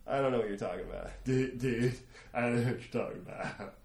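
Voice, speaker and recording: A man's voice: medium pitch, vocal fry, darkish tone, lightly acted. Man doing a baffled young lifeguard. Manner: quick, baffled, says "dude". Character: puzzled young male lifeguard, casual. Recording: echoey room.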